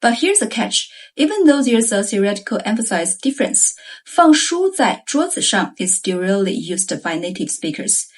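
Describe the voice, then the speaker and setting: A woman teaching Chinese grammar in a scripted lesson, reading example sentences slowly and carefully. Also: mid-range voice, sing-song.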